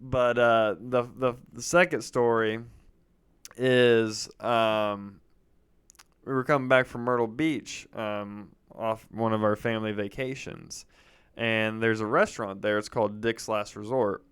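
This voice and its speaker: Young male podcast co-host, smooth voice, chatty storyteller. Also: measured pace. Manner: animated storyteller, jumps into loud high-pitched impressions. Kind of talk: casual storytelling chat.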